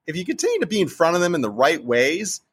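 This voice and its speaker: Animated, emphatic man with a New Jersey accent. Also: a little high, fast talker, breathy edge. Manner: animated, emphatic, acts out quoted investors. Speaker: real estate investor guest. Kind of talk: casual interview talk.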